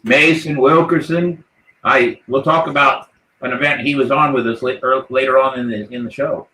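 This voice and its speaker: A man hosts a live podcast as a jolly pirate captain, rallying and toasting his crew in a hearty voice. His voice sits at a middle pitch. The room around him is noticeably echoey. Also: steady tone, normal speed, sharp tone, slight background noise. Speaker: podcast host. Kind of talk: live podcast chat in a playful pirate persona.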